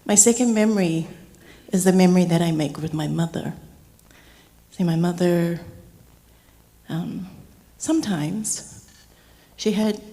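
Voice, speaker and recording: A middle-aged woman speaking gently and slowly as she shares a heartfelt memorial tribute for her uncle. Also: on the low side. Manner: gentle, slow and heartfelt storytelling. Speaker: niece giving a eulogy. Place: memorial service hall. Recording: long hall reverb.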